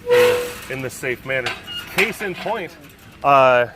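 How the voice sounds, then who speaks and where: A man vlogging outdoors by animal enclosures, telling stories with a laugh and then talking softly to calm a big cat. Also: mid-range voice, unhurried, heavy background noise. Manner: rambling, laughing storyteller who shifts to hushed coaxing talk with a big cat. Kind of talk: casual vlog chat.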